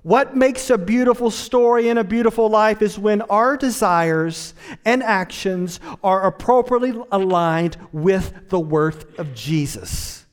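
High-voiced man preaching a sermon. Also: clear, resonant tone, big-room sound. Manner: swells from low, quiet asides to high, emphatic preaching. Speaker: pastor.

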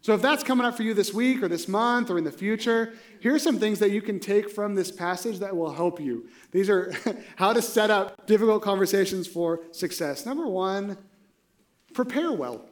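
A man delivers a sermon in a loose, conversational style, with frequent rhetorical check-ins. His voice sits notably high for a man. He sounds like he is talking the congregation through a story. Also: expressive, moderate pace. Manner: conversational, rhetorical "right?" asides. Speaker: preacher.

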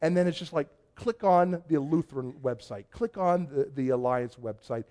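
Male pastor, slightly high voice, excitable storyteller in church. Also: moderate pace. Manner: chatty storytelling, excitable, many restarts. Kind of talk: conversational sermon. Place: church before a congregation.

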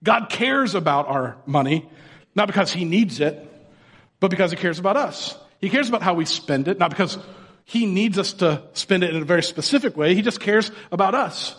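Casual high-voiced pastor in a reverberant hall. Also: male voice, animated, normal speed, fairly bright tone, slightly rough. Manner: casual, conversational preaching with filler words. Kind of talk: sermon.

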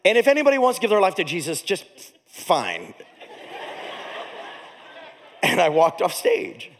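A male pastor preaching a storytelling sermon, animated and comic, with big swings in volume. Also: high-pitched, fast, big-room sound, a little hiss or hum.

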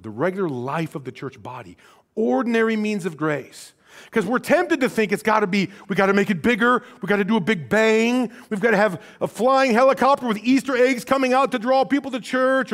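A middle-aged man preaching a sermon in a casual, animated storytelling way, dropping to quiet asides and rising for emphasis. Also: high voice. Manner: conversational, casual phrasing with restarts.

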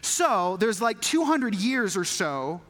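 A woman preaching a sermon in a large church hall, telling the story in an animated, joking way and acting out voices. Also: mid-range voice, slow pace. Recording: long hall reverb.

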